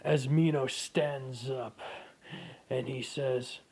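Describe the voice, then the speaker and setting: A man's voice: mid-range voice, steady tone, takes it slowly, a little mellow. A man narrating an improvised fan story casually, with restarts and asides.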